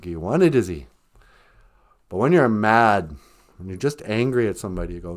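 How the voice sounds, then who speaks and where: A man hosting a comedic podcast, teaching a few words of a language in a relaxed, joking way. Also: on the low side, normal speed, pauses often.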